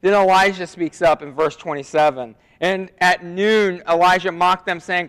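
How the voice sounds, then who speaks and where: A male pastor delivers a sermon in a fairly high voice. He swings from hushed, intimate lines to loud, dramatic scripture readings. The sound carries the long reverb of a church hall. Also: normal speed, hardly any pauses.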